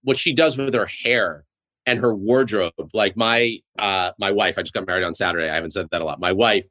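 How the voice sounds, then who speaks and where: Bright-voiced chatty man guest. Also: on the low side, fairly quick. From Boston. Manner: chatty, filler-heavy, enthusiastic. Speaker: TV show co-creator guest. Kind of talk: casual interview chat.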